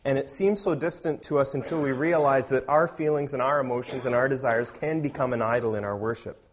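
Guy pastor preaching, chatty sermon voice, gets loud and punchy on the scripture bits. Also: medium pitch, fairly quick, slight background noise. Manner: conversational preaching that rises to emphatic, loud scripture reading.

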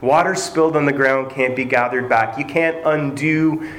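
A man preaching a sermon who retells a Bible story in animated fashion, acting out what the characters say. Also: mid-range voice, moderate pace. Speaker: pastor. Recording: roomy echo, faint ambient noise.

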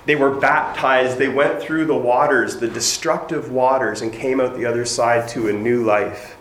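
A man's voice: medium pitch, fairly even intonation, normal speed, fairly bright tone, a little hiss or hum. A man preaching a sermon as pastor in a church, emphatic and repetitive, with joking asides. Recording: echoey church room.

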